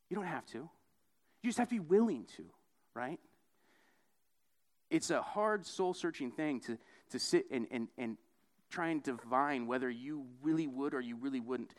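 A young preacher, expressive and measured in pace, talks through his sermon in a conversational way. "Right?" comes up often, and he performs quoted voices with large pitch shifts.

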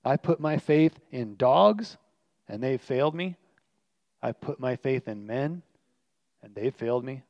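A man's voice: mid-range voice, animated, a little slow, pauses often, a little mellow, no echo. A man preaching a sermon as pastor, earnest and emphatic, repeating his key lines for weight. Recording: dry, slightly muffled recording.

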